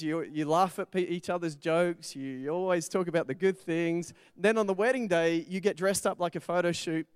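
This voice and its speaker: In church, a middle-aged pastor delivers a sermon in a smooth, resonant voice pitched a little higher than most men's. He preaches conversationally, weaving in stories from his own family life, and the sound is close and dry with almost no echo.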